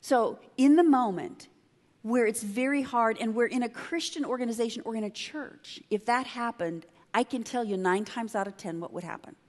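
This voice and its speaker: At a conference, a leadership consultant tells a story emphatically and conversationally, tossing quick asides to the audience. Her voice is fairly high and a little mellow, and the recording has the long reverb of a large hall.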